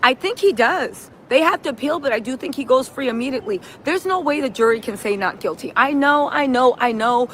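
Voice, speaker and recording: Hosting a live reaction stream, a woman talks animatedly, reads out viewer comments, and greets the chat, acting out quotes in a shrill, yelling voice. She speaks a little fast with hardly any pauses, and there is slight background noise.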